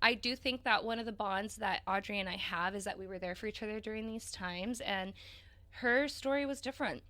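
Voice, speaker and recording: Bright-voiced, animated young woman storyteller. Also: medium pitch, brisk. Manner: animated, emotional storyteller who swears casually. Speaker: podcast co-host. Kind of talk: casual podcast chat, storytelling.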